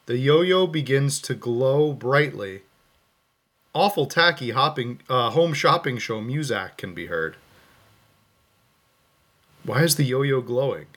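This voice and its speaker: A man's voice: mid-range voice, lively intonation, slow, long pauses, a bit bright. A man co-hosting a podcast, playing a text adventure and reading its game text aloud with amused asides. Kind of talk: casual play-through with read-aloud game text.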